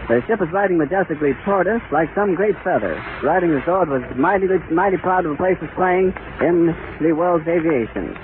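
A man giving live on-scene radio commentary outdoors at an airfield, with flowery, emphatic description. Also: high voice. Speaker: radio reporter. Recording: tinny 1930s radio archive with loud hiss.

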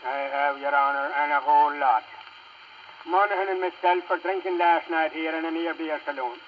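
A man plays a cheery Irish brawler who tells his side with a chatty brogue. His voice sits fairly high. The old record is dull with faint hiss. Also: fairly even intonation, normal speed, close to an everyday voice. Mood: boastful.

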